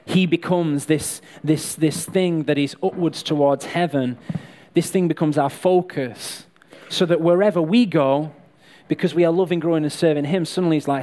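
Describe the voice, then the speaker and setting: Guy preaching, slightly high voice, jokey and chatty with the crowd. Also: normal speed, few pauses, dark tone. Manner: chatty, joking, addresses the crowd directly. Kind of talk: sermon with live props and volunteers.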